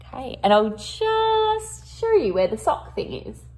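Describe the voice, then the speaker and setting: A storyteller reads a children's picture book aloud in a high, sing-song voice that swoops widely. She's unhurried, pausing to ask the children questions and stressing words expressively and emphatically.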